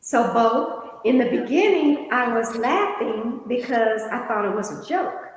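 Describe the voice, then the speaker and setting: A woman's voice: on the high side, lively intonation, unhurried. A middle-aged woman co-hosting a casual chat, telling a funny story with lots of laughter. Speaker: co-host. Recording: heavy echoing hall-like reverb.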